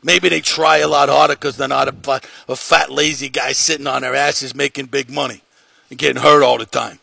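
A man impersonating a loud, brash male New York sports radio host, with a New York accent and a gravelly, husky voice. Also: medium pitch, flat delivery, fairly quick, no echo, full character voice. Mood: mocking, blustery.

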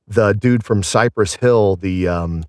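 A man's voice: lowish voice, takes it slowly, a little mellow, no echo, clean studio sound. A man in his thirties or forties, a singer and voice actor, chatting casually and telling rambling, self-deprecating stories. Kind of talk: casual podcast chat.

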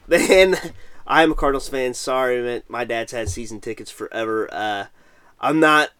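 A man's voice: mid-range voice, moderate pace, fairly bright tone, smooth, no echo. A middle-aged man from Missouri, hosting a casual late-night livestream and chatting while reading viewer comments aloud. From Missouri, USA. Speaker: podcast host.

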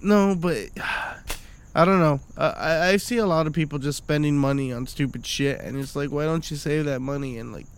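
A man's voice: fairly high pitch, normal speed, clean tone. A man co-hosting a casual podcast chat, drunk, rowdy and swearing as he tells stories. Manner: rowdy, swearing, laughing storyteller. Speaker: podcast co-host.

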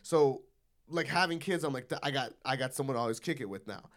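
A man in his thirties co-hosting a podcast, chatting casually and profanely, acting out loud quotes as he tells stories. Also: mid-range voice, fast. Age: 30s. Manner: profane, animated storytelling with loud put-on quotes. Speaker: podcast co-host. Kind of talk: casual chat.

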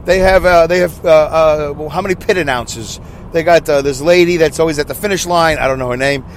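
A man hosting a casual solo podcast, rambling excitably and loudly with many asides, with faint noise behind him. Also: a little high, a little fast. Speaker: podcast host. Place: in his car.

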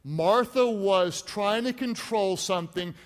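A man delivers a lively sermon, his voice sitting high for a man. He pushes hard on key points and calls out to the congregation. Long reverb from a large church hall trails every phrase. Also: slow. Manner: animated, rises to shouts for emphasis, calls on the congregation. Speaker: pastor.

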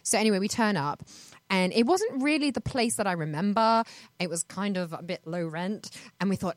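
A woman's voice: medium pitch, moderate pace, dry recording. A woman guest on a talk show, telling a comic anecdote animatedly, acting out the people in it and laughing often. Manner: animated storyteller, acts out voices, laughs often.

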